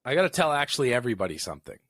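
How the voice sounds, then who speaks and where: Man, podcast co-host, casual joking chat, middle pitch, dry close sound. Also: sing-song, racing, fairly bright tone, no room sound. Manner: joking, rambling, playful.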